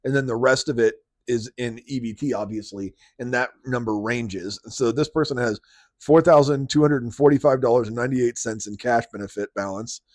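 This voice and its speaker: A man's voice: medium pitch, darkish tone, no room sound. Male podcast host, dry close mic, incredulous ranting commentary. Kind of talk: casual commentary.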